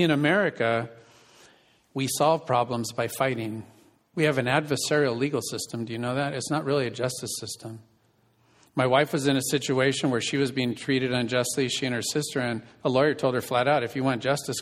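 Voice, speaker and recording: Pastor guy chatting through a sermon, asks the room questions, long echo in a church hall. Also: medium pitch. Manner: conversational, asks the congregation questions. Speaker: pastor and marriage counselor. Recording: reverberant hall.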